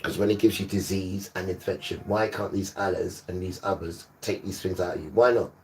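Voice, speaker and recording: A man's voice: deep voice, fairly even intonation, fairly quick, recorded from a distance, faint music behind. A man preaching on a livestream, emphatic and repetitive, sometimes scolding his listeners. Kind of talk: livestreamed sermon.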